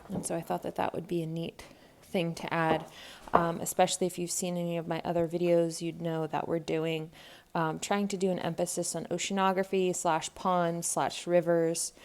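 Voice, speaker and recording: A woman's voice: lowish voice, flat delivery, moderate pace, few pauses. A woman in her thirties, a homeschool vlogger, chatting casually at home as she thinks aloud with frequent ums. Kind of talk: casual unboxing narration. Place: home, by a table with a tripod camera. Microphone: camera mic on a tripod.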